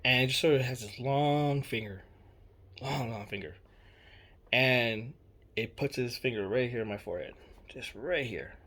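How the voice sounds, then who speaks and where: Telling a story from his own life, this young man keeps it casual and meandering, circling back on himself with lots of fillers and curse words. He has a fairly bright, mid-range voice, speaks at normal speed, and pauses often.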